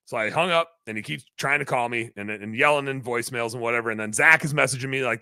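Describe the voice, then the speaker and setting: A man hosting a podcast, telling a long story in a rambling, animated way, full of fillers. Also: medium pitch, a little fast, no echo. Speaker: podcast host, business owner.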